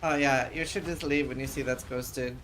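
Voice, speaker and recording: A man's voice: medium pitch, steady tone, moderate pace, a bit bright, a little hiss or hum. A chatty man from Norway giving casual game commentary as a streamer co-caster, laughing often.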